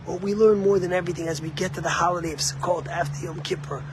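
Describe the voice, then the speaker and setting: A man's voice: high-pitched, steady tone, quick pace, over music, low-quality recording. A man giving a sermon as a rabbi, telling stories and building to emphatic, impassioned peaks. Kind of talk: sermon with storytelling.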